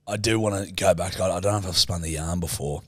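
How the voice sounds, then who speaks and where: A man's voice: low-pitched, fast, a bit bright, no echo, studio quality. A young Australian man co-hosting a podcast, telling rambling stories in casual chat, crude and swearing freely. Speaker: podcast co-host.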